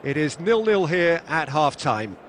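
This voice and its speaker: A man voicing a male football play-by-play commentator in a video game, calling the match with lively swings up to excited shouts. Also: on the high side, measured pace, slight background noise. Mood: measured.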